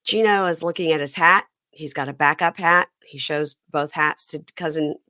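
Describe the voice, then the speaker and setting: Brief: a woman host with a lower voice, wry and deadpan in casual chat. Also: moderate pace. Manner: dry, wry asides. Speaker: podcast host. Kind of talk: casual chat recapping a show.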